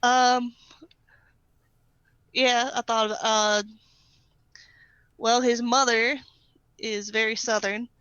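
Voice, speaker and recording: Woman player talking slow and unsure, smooth clear voice, dry muffled mic. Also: a little high, flat delivery, a bit bright, dry recording. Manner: hesitant, thinking aloud. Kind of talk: casual chat at a tabletop game. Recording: dry, dull lo-fi sound.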